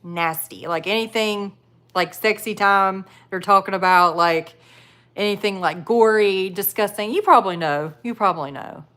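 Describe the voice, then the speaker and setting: A woman runs a casual live stream and talks straight to her viewers as she reads the chat. Her voice sits at a middle pitch, and she rambles loosely with frequent laughs and plenty of "like" fillers. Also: normal speed, fairly bright tone. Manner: chatty, laughs often, many "like" fillers. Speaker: livestream host reading chat.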